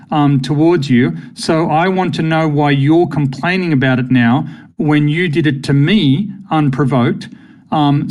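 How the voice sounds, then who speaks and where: A man's voice: on the high side, a little mellow. A man in a heated online debate, pressing his points insistently with stammering restarts. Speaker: debate participant on voice chat.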